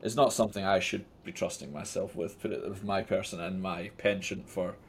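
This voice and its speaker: Scottish man, thirties, low voice, rambling self-mocking storyteller, casual interview, faint noise behind. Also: steady tone, a little fast, gravelly. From Scotland. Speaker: poker player guest.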